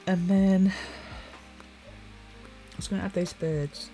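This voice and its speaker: A sleepy woman streaming her drawing live, musing quietly to herself and greeting chat viewers. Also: medium pitch, fairly even intonation, takes it slowly, soft background music. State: sleepy, yawning.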